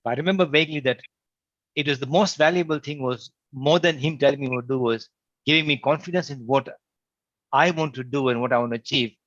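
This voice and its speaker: Male panelist and storyteller, lively anecdotes, dry and muffled lo-fi sound. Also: mid-range voice, quick pace, dry recording. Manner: animated storyteller acting out quotes.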